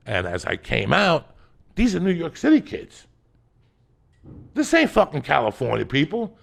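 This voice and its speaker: A man telling a profane comic story as a podcast guest, swinging from loud shouting bursts to low muttering. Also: wildly swooping pitch, unhurried. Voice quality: gravelly.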